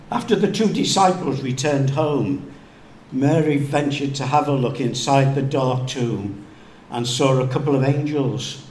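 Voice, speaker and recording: A male pastor preaching a sermon slowly and deliberately, dropping to hushed tones for emphasis. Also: medium pitch. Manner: slow, deliberate preaching with hushed dramatic drops. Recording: echoey room with faint background noise.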